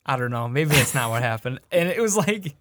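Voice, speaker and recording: A man's voice: medium pitch, lively intonation, normal speed, fairly bright tone. A man co-hosting a casual music review podcast, hesitant and full of fillers, with laughing asides. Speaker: podcast co-host reviewing albums. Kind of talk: casual chat.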